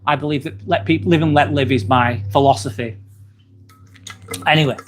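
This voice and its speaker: There's a little hiss or hum on the phone recording of this English streamer, whose voice is slightly high and a little fast. He chats casually, reads viewers' comments aloud, and mixes in frequent ums and the odd swear.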